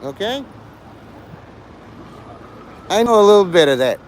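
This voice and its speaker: A sarcastic man streams live, teasing a viewer in a lively, swooping voice that sits a little high. His tone is mocking and crude. Faint traffic hums in the background. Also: a little slow. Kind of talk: rambling livestream banter.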